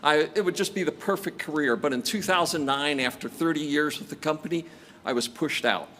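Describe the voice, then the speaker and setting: A man's voice: a little high, brisk, sharp tone, a little hiss or hum. Older man giving a commencement address. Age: 60s. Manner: storytelling with self-deprecating jokes. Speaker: commencement speaker. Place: large outdoor graduation ceremony.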